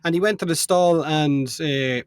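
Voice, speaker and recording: A man's voice: a little high, background noise. A man with an Irish accent telling stories and joking in a casual podcast chat among friends. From Ireland. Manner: storytelling, joking, quick asides. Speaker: podcast co-host.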